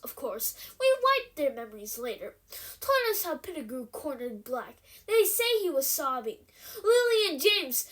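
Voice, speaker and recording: A woman reading aloud, voicing a middle-aged male minister who tells a grim story in a solemn, halting way. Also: high-pitched, bright, forceful tone, exaggerated voice.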